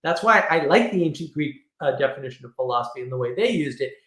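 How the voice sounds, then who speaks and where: A man's voice: fairly high pitch, lively intonation, fairly bright tone. Opinionated rambling man, roomy sound. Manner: opinionated, rambling, quick asides. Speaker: livestream host. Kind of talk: casual livestream monologue. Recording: roomy echo.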